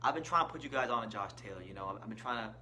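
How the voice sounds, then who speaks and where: A man's voice: lowish voice, expressive, very fast, bright, forceful tone, a little hiss or hum. A man hosting a casual boxing channel, giving opinionated commentary and stressing key words, speaking from an indoor room. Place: indoor room with shirts on the wall.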